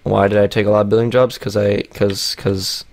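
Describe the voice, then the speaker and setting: A man YouTuber with a raspy, cracking voice, rambling through a casual vlog while he plays a game, with lots of fillers and restarts. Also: on the low side, flat delivery, normal speed, a little mellow. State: raspy, voice cracking after a long break.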